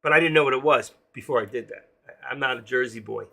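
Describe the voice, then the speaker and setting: Gravelly older New York man. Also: medium pitch, fast, sharp tone, a little hiss or hum. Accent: New York, with a trace of Florida. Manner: chatty, jokey, talks to viewers while trading. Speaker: trading live-stream host. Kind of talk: casual live-stream commentary. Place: home.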